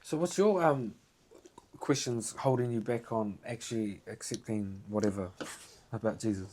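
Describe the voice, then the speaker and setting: A man hosting a casual podcast chat, retelling experiences animatedly with punchy "boom" beats. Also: normal speed, a little mellow.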